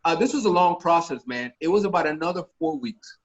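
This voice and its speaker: Man, podcast guest, high-pitched, animated storyteller, profane, muffled lo-fi audio. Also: fairly quick, vocal fry. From Miami. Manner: animated, profane, acts out voices in his stories. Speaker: actor guest telling stories. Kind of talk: casual storytelling interview.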